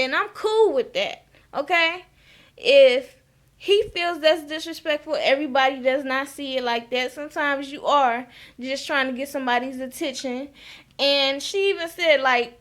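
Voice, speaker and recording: A woman's voice: sits high, a little slow, a bit bright. A woman giving a frank, chatty recap of a TV episode and often asking "okay?". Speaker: reality TV recap vlogger.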